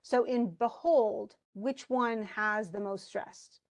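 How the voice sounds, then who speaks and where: A woman's voice: a little high, fairly even intonation, takes it slowly. A woman instructor giving an online class lecture over a computer mic, talking conversationally with many restarts and check-ins with the students. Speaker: college English instructor.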